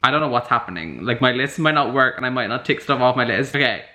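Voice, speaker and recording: A man chatting excitedly at home for a book vlog, gushing about his reading. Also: medium pitch, quick pace. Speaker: book vlogger. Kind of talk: casual vlog chat. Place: at home, moving between rooms.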